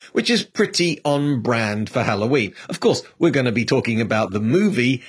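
A man's voice: medium pitch, sing-song, a little slow, breathy edge. A man hosting a history podcast in a chatty, upbeat way, laughing easily. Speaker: podcast host. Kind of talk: casual history podcast chat.

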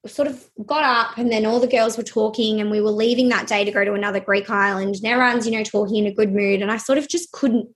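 Hesitant young woman, fairly high voice. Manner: halting, hesitant, many fillers. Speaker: interviewee. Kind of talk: personal storytelling.

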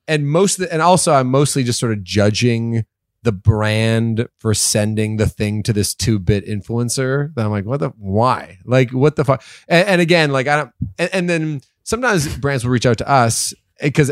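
A young adult man co-hosting a podcast in casual banter, animated and swearing freely with mock outrage. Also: mid-range voice, normal speed, dry recording, clean studio sound. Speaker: podcast co-host.

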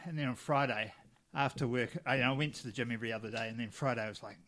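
A man's voice: mid-range voice, quick pace, a bit bright. A young man co-hosting a podcast in casual chat, telling rambling stories with frequent restarts and laughs. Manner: rambling, self-correcting storyteller who laughs often. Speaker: podcast co-host.

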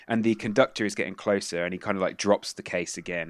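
A man's voice: sits low, fast talker, hardly any pauses, no room sound. Man narrating a tabletop game. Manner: loose, hesitant narration. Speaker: game master.

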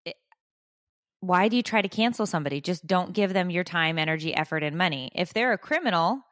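A woman's voice: on the low side, animated, brisk, fairly bright tone, no room sound, clean studio sound. A woman in her forties co-hosting a podcast, chatting casually and rambling with frequent laughs. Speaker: podcast co-host. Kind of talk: casual chat.

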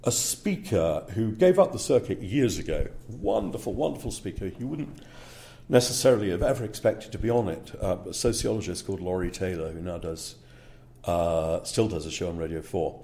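A man's voice: deep voice, animated, moderate pace, warm tone. A man working as a speaker agent, talking casually in an interview and checking in with "yeah?" between fillers.

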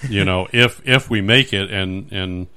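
A man hosting a podcast, chatting casually in a rambling, animated way with many restarts. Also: sits low, measured pace, clear, resonant tone. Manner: rambling, animated, acts out little scenes. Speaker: podcast host. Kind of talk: casual chat.

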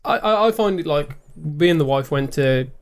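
Man, young adult, casual podcast chat, higher-pitched, matey, restarts often. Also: lively intonation, moderate pace. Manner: chatty, matey, repeats words when starting sentences. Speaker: podcast co-host.

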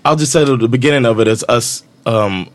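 A man from Miami hosting a casual podcast, telling animated, teasing stories with plenty of laughter. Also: medium pitch, fairly quick. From Miami, Florida. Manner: animated, laughing storyteller who teases. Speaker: podcast host.

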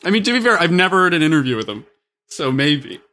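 A man chatting casually and joking with friends, animated and laughing often. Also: a little high, quick pace. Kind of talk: casual chat.

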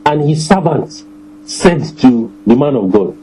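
A man preaching a sermon to his congregation, emphatic, repeating phrases and slowing down to stress scripture. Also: medium pitch, expressive, dark tone, a little hiss or hum, poor audio.

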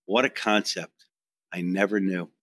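A middle-aged man telling a story in casual chat, animated and self-mocking, acting out what others said. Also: deep voice, a little slow, no room sound. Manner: animated, swearing, self-mocking, acts out quotes. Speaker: podcast guest telling a story.

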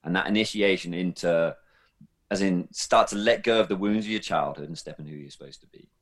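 A man's voice: low-pitched, a little fast. A man in his forties, a film director guest, telling a candid personal story with emphatic, freely profane speech. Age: 40s.

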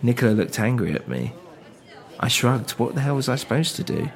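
A man's voice: mid-range voice, sing-song, brisk. A man narrating a serialized first-person story in a tense, introspective way.

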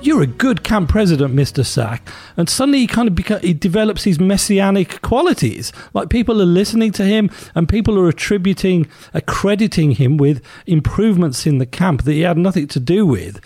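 A man retelling a comic strip story as a podcast guest, animated and laughing as he goes. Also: high voice, fairly quick, few pauses. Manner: animated storyteller, laughs while telling, acts out the characters' lines. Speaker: guest, writer and broadcaster.

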